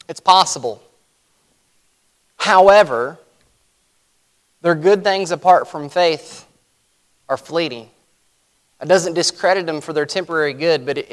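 A man preaching a sermon in a conversational way, repeating himself and adding folksy asides. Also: a little high. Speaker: pastor.

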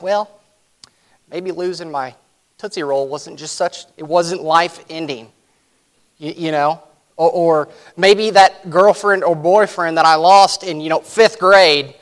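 A man's voice: a little high, a bit bright. A man preaching a sermon in a conversational way, repeating himself and adding folksy asides. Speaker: pastor.

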